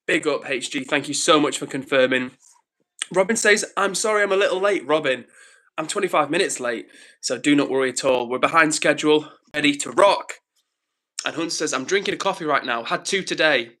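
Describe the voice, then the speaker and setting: Young male streamer, upbeat and chatty, slightly breathless, bright voice. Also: fairly high pitch, fairly quick, rough recording. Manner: upbeat, greets viewers by name. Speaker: livestream host. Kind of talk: live stream chat, reading comments.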